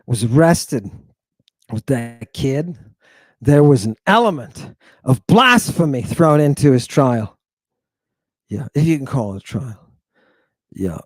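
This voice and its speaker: Excitable man teaching a lesson. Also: on the high side, no echo, clean studio sound. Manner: excitable, emphatic, repeats himself, swings between loud and hushed. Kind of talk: animated online lecture.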